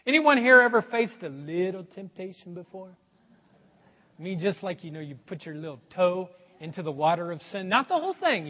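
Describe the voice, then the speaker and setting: Animated male pastor preaching in a hall. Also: high voice, normal speed. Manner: animated, swings between loud emphasis and quiet asides. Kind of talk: sermon. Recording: dull, echoey hall sound.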